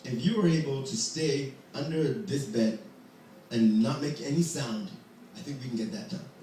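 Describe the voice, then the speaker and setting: A man voicing the devil's wife, a sly, curious woman with a raised, drawn-out voice, heard from far off in an echoey hall. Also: medium pitch, mellow, a little hiss or hum, natural voice.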